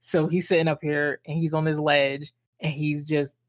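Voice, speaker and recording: A young woman with a notably deep voice for a woman, chatting about a book in a laid-back, wry manner. She chuckles often as she talks. The recording is dry and close. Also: little pitch movement, moderate pace, no echo. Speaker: podcast co-host. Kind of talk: casual book-discussion chat.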